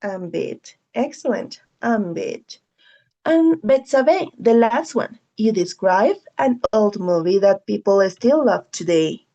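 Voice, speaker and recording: A woman, a native Spanish speaker, teaches an English lesson at an unhurried pace with a gravelly, creaky edge to her voice. She repeats phrases patiently and keeps checking in with her students. The audio sounds dull and lo-fi. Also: medium pitch, expressive, warm tone. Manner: patient, repeats key phrases, frequent "okay?". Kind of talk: online class instruction.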